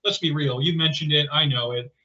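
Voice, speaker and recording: A man co-hosting a podcast, chatting casually in an animated, rambling way with lots of fillers. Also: a little high, fairly quick. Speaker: podcast co-host. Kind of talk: casual conversational chat. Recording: roomy, slightly dull podcast audio.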